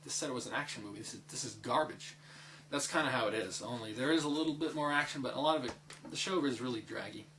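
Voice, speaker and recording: A man's voice: mid-range voice, fairly bright tone, a little hiss or hum, low-quality recording. A young man giving a casual, rambling spoken review, full of fillers, restarts and swearing. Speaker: anime reviewer.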